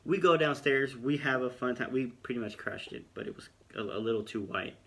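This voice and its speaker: A man's voice: medium pitch, a little fast, fairly bright tone. A young man recounting his experience in a casual, rambling, self-deprecating storytelling vlog. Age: young adult. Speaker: vlogger.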